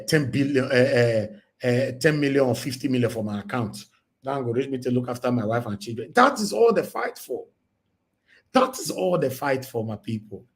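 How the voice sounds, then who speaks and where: A man with a Nigerian accent hosting a casual news reaction stream, animated and mixing Pidgin with English, often asking "Eh?". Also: medium pitch. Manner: animated, switches between Pidgin and English, exclaims "Eh?". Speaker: news commentary host.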